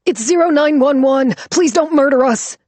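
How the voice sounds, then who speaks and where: A woman's voice: mid-range voice, fairly even intonation, a little slow, no room sound, natural voice. Woman voicing a panicky whining young man. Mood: panicked. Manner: whimpering, pleading, panicky. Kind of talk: audiobook character voice.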